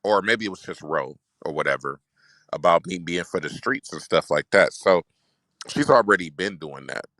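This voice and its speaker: Deep-voiced man, direct and measured. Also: lively intonation, bright, forceful tone, no echo, poor audio. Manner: direct, measured, speaks in long reasoning runs. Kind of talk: casual livestream chat.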